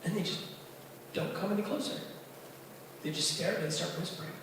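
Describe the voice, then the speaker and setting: Here a high-voiced man talks a bit fast, bringing a spoken story to life at an open mic in a bar by performing the voices of the kids and friends in it. Captured from a distance in an echoey room, the clip has background noise.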